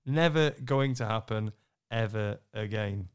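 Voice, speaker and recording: A man co-hosting a podcast, telling animated anecdotes, laughing often and acting out what others said. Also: lowish voice, a little slow, clean tone. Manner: animated storyteller, laughs often, acts out quotes. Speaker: podcast co-host, snooker MC.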